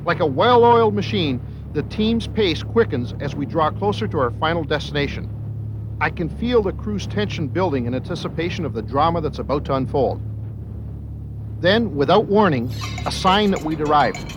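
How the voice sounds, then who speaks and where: A man's voice: a little high, expressive, moderate pace, background noise. A man narrating a fishing documentary in a scripted, suspense-building way. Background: background music.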